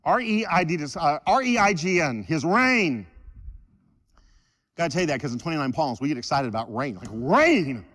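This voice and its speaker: A man preaching a sermon in church, animated and joking with the congregation. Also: fairly high pitch, moderate pace, long reverb tail. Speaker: pastor.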